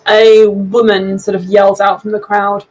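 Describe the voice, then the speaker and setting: A woman's voice: mid-range voice, unhurried, poor audio. Woman game master, hesitant narration. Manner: relaxed, hesitant narration with fillers.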